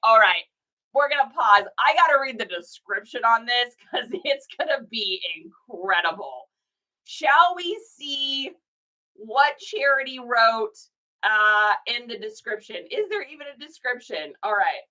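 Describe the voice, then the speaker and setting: A woman with a high, bright voice chats casually as an online reseller. She keeps encouraging her viewers and often dissolves into laughter as she talks. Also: lively intonation, a little slow, rough recording. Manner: encouraging, breaks into fits of laughter.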